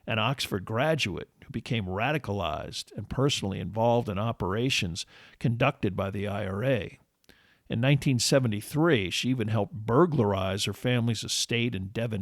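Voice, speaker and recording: Low-voiced man reading scripted history. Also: no room sound, clean studio sound. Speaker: podcast narrator.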